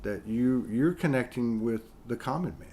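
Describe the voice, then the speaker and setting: A man's voice: mid-range voice, animated, moderate pace, dark tone, slight background noise. A male host leads a casual interview in a mid-range voice. He meanders, repeating words and restarting sentences as he works his thoughts out.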